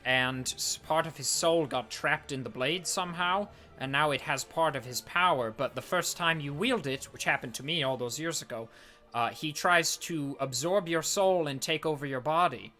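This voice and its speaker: Bright, fast-talking male game master. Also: on the high side. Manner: rapid, animated narration with many fillers. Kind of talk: narrating a tabletop game.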